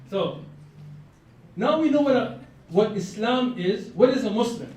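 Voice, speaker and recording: A man giving a lively, conversational campus lecture, drawing the audience in with questions. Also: sits high, a little slow, slight background noise. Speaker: lecturer on Islam. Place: college lecture room. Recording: very echoey room, mic far off.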